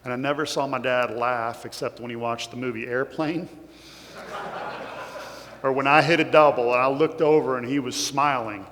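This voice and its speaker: This man's medium-pitched voice is a bit bright. He's a guest speaker from Kentucky, accent and all, offering an emotional, sincere motivational talk before an audience in a large hall, and the echoey recording carries a faint hum.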